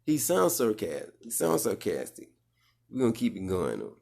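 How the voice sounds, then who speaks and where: Lowish-voiced New Orleans man, sarcastic reaction commentator, blunt and repetitive. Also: wildly swooping pitch, normal speed, gravelly, a little mellow.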